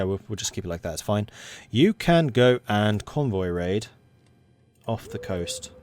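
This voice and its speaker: A man giving casual commentary on a strategy game, thinking aloud and correcting himself as he goes. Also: lowish voice. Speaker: game streamer.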